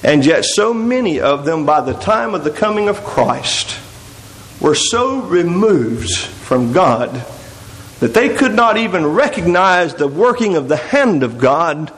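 Male pastor, high-pitched, expository sermon that quotes scripture. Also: sing-song, measured pace, fairly bright tone, rough recording. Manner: expository preaching, reading scripture aloud.

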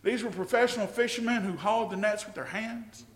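A man preaching a sermon to his congregation, impassioned and often rising to shouted exclamations. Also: sits high, brisk. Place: church sanctuary with a congregation. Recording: echoey hall with long reverb.

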